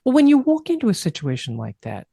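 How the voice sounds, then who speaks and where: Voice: medium pitch, huge pitch swings, fast talker, dark tone, slightly rough, no echo, clean studio sound. An interviewer asking thoughtful questions in a casual chat, hesitating at times and laughing along.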